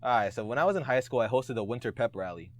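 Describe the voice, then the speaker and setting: Young adult male guest, mid-pitched and lively, tells stories with slang and acted-out quotes. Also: very fast. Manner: animated, acts out quotes, slangy. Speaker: podcast guest, cameraman. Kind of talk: casual storytelling chat.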